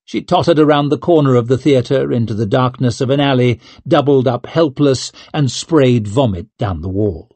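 A man reading an audiobook as narrator in a measured, even manner. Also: mid-range voice, no room sound. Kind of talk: scripted narration.

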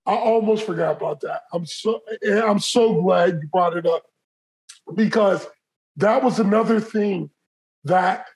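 Co-host with a mid-range voice, animated, stumbles and restarts in casual chat. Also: mid-range voice, measured pace, poor audio. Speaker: podcast co-host.

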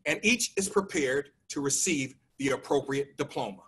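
A man's voice: medium pitch, normal speed, fairly bright tone, far from the mic, slight background noise, rough recording. A man formally presenting and certifying a graduating class, reading from a script. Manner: formal, reads a prepared script. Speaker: ceremony presenter. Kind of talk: formal announcement.

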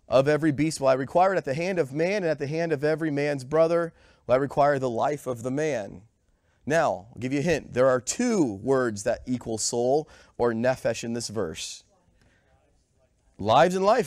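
A man's voice: fairly high pitch, darkish tone, no room sound, studio quality. Man preaching with a cold. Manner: conversational, quizzes the congregation. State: has a cold, short of breath. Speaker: pastor. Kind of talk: sermon with audience questions. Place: church sanctuary.

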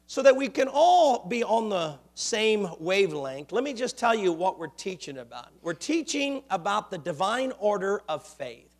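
A man with a high voice preaches in a church sanctuary. He tells his story with energy and often swells into loud, ringing exclamations before settling back down. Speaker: pastor. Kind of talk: sermon.

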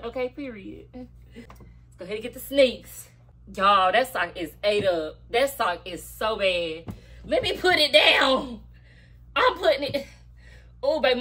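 A woman's voice: on the high side, a bit bright. A young adult woman vlogging, chatting to her viewers in a casual, slangy way while she gets ready. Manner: chatty, slangy, talks straight to viewers as y'all. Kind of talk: casual get-ready-with-me chat.

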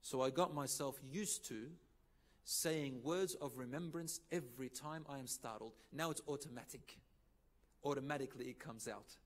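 A man delivering a sermon in English with Arabic phrases mixed in, telling stories and acting out the dialogue with sudden loud rises. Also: medium pitch, moderate pace. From Lebanon. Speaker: preacher. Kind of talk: sermon with storytelling.

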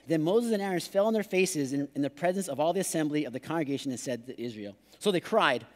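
Male pastor, playful sermon delivery with put-on voices, fairly high voice, church hall reverb. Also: animated, fast, hardly any pauses, darkish tone.

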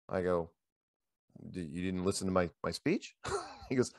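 Middle-aged male host, low voice, dry close sound, animated rambling storyteller. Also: normal speed, vocal fry, pauses often, no room sound. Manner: animated, rambling anecdotes with repeated "he goes". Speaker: show host. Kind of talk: casual storytelling chat. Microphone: handheld microphone.

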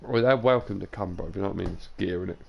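Gravelly young man streaming, tired. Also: deep voice, racing, muffled recording. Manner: loose, sweary banter to chat, drifting into sing-song and whispers. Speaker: game streamer. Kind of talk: live gameplay stream chatter.

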